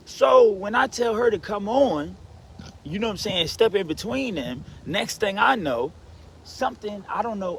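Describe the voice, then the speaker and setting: Animated man telling a rambling story. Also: vocal fry, slight background noise. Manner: rambling, frequent "you know what I'm saying" and "right?" fillers; animated, swings from low mutters to excited outbursts. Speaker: vlogger telling a personal story. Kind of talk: casual storytelling monologue.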